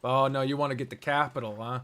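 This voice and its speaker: A man's voice: mid-range voice, fairly even intonation, quick pace, a bit bright. A man streaming a strategy game, chatting casually, ranting, swearing and laughing a lot. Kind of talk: casual gaming livestream commentary.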